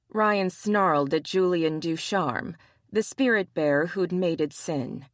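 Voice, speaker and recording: Lady reading a romance audiobook, slow and lowish, super dry sound. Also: dry recording. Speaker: audiobook narrator. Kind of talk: scripted narration.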